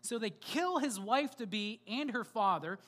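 A woman's voice: fairly high pitch, animated, measured pace. A woman preacher delivering a sermon in a conversational, storytelling way, with rhetorical questions and asides to the congregation.

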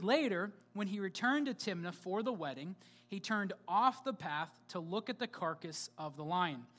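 A woman's voice: on the low side, fairly bright tone. A woman preacher delivering a sermon in a conversational, storytelling way, with rhetorical questions and asides to the congregation.

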